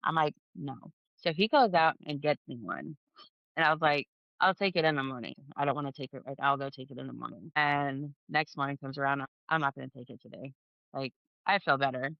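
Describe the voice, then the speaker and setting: A woman's voice: deep voice, a little fast, no echo, dull audio. A woman in her thirties, a podcast guest telling her story casually, acting out dialogue and saying "like" a lot. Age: 30s. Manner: chatty, acts out dialogue with lots of "like".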